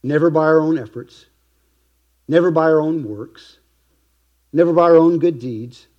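A man preaching a sermon as pastor, earnest, slowing down to stress key phrases and sometimes dropping to a hush. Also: on the high side, highs cut off. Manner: earnest preaching, slow emphatic stresses, softening to a hush at times.

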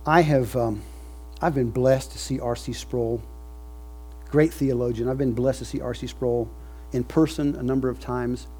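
A man preaching a sermon, moving from quiet reflection to loud, emphatic passages. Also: mid-range voice, fairly even intonation, normal speed, husky. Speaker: pastor.

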